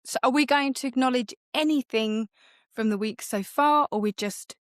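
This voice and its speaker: A woman's voice: a little high, moderate pace, dry recording, clean studio sound. A middle-aged woman co-hosting a podcast as the mother, chatting casually and laughing at herself. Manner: chatty, self-mocking, laughs often. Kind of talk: casual chat.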